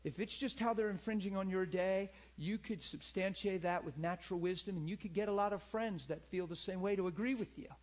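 A male preacher gives a conversational teaching in a somewhat high voice. He is animated and earnest, and keeps turning to his listeners for an amen or a nod of agreement. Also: brisk, hardly any pauses. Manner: animated, acts out people in high pleading voices; earnest, repeats himself, asks listeners for agreement. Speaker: pastor and teacher.

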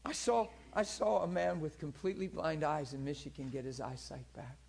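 A man preaching a sermon, telling healing stories in a lively, teasing way and laughing often, moving from quiet asides to loud peaks. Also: fairly high pitch, normal speed, creaky. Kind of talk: sermon storytelling about healings.

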